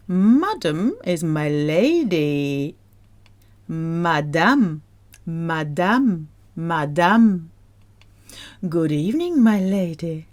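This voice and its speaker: A woman's voice: on the low side, sing-song, very slow, pauses often, darkish tone. A woman teaching French pronunciation, drilling words in exaggerated sing-song repetition with a playful manner.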